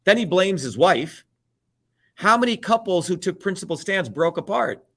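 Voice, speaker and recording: A man's voice: high voice, expressive, normal speed, bright, forceful tone. A man, a political candidate, ranting emphatically in a heated, profane interview, chanting slogans again and again.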